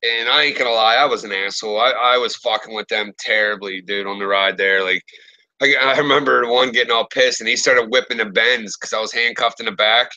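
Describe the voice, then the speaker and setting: A man's voice: mid-range voice, brisk, no room sound, muffled recording. A man from the Pittsburgh area telling profane stories in casual chat, acting out what people said. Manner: profane, animated storyteller acting out quotes. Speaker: podcast host.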